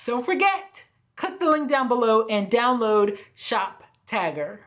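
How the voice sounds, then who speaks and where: A woman vlogging a casual clothing try-on haul, chatty and full of fillers, her voice a little hoarse and croaky. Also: fairly high pitch, very animated, unhurried, fairly bright tone. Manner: chatty, lots of fillers like "you know" and "like". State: slightly hoarse, croaky throat. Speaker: fashion vlogger.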